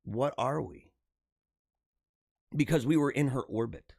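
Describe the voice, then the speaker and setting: A middle-aged man hosting a live show, talking earnestly and haltingly to his viewers, often repeating himself and restarting phrases. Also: medium pitch, creaky, darkish tone, breathy edge, no echo, studio quality. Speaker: livestream show host. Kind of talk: emotional personal monologue to viewers.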